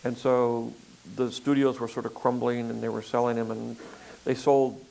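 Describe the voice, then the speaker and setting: An older man talks through a story in a loose, rambling way, stopping often for fillers and starting over mid-sentence. His voice has a gravelly rasp to it. A faint hiss sits under the recording. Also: medium pitch, level tone, normal speed, a little mellow, poor audio. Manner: rambling, frequent fillers and restarts. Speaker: filmmaker guest. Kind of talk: conversational interview.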